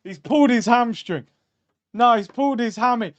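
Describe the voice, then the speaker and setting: A young man hosting a live football watchalong, chatting through the game and yelling at the screen. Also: extremely high pitch, normal speed, lo-fi sound. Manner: excitable, shouts at the screen, chatty tangents. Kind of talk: live match reaction commentary. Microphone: streaming mic.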